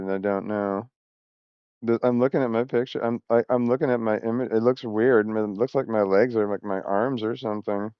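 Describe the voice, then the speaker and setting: Give me a man rambling and swearing through a personal vlog in a smooth voice, recorded dry and slightly muffled. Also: lowish voice, no echo. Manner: scattered, loses his thread, swears often. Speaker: vlogger.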